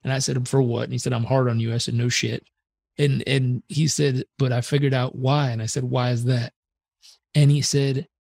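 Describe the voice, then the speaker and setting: A man, a performance coach telling a story as a podcast guest in an earnest, animated way that swears casually. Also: mid-range voice, moderate pace, vocal fry, no echo, studio quality.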